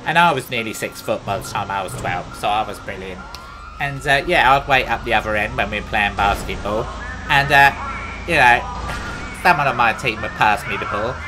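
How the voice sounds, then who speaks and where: A gaming comedy host with a Cockney accent rambles through a boastful, absurd monologue while playing a game, veering off on chatty tangents. His voice is medium-pitched, the recording is rough, and music plays in the background.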